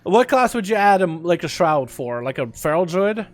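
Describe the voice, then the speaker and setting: A young man livestreaming a video game in a casual chat, reading and answering his chat, with sudden loud excited outbursts. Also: high voice, moderate pace, soft background music. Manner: chatty, reads and answers chat, bursts into loud excited outcries.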